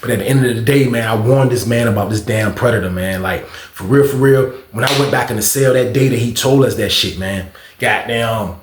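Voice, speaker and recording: A man telling a story in a loose, profane, animated way, filling it with repeated exclamations. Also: mid-range voice, fairly quick, a little hiss or hum. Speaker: storytime host. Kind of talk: casual storytelling. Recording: roomy echo.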